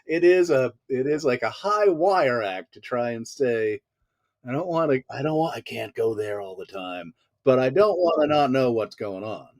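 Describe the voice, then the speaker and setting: A man's voice: mid-range voice, animated, normal speed, darkish tone, no room sound. A man, raised in the American South, telling stories as an actor guest in a casual interview, wordy and self-mocking.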